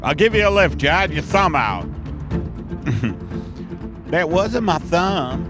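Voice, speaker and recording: A man voicing a chatty male serial killer truck driver with a casual, matter-of-fact menace, with music clearly behind. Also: a little high, big pitch swings, slow.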